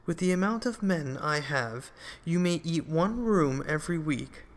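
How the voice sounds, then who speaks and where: A man voicing a wise, calm king who speaks with gentle firmness in a children's storybook. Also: a little high, measured pace. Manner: gently firm, commanding.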